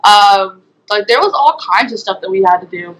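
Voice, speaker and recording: A woman's voice: mid-range voice, lively intonation, moderate pace, fairly bright tone, low-quality recording. A young woman giving interview testimony, hesitant, with frequent ums and likes. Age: young adult. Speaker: guest, former resident.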